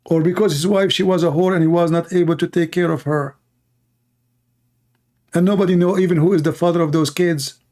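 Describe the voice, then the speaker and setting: A man's voice: on the high side, fairly even intonation, a little fast, pauses often, darkish tone. A man from the Middle East with a Middle Eastern accent, mocking in blunt broken English on a livestream. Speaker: host. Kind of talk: livestream commentary.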